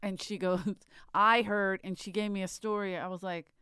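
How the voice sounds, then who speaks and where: A woman tells a story in loose, frank conversation and swears now and then. Her voice is smooth and clear, recorded dry and close to the mic. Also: mid-range voice, steady tone, moderate pace, no room sound. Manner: frank, chatty storyteller, laughs often, swears. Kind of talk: casual chat.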